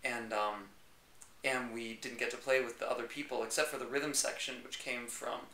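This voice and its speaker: A man's voice: medium pitch, steady tone, moderate pace, sharp tone, slight background noise. Upbeat young American man, echoey room. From United States. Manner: enthusiastic, rambling, laughs easily. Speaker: interview guest, jazz pianist. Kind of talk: casual interview chat.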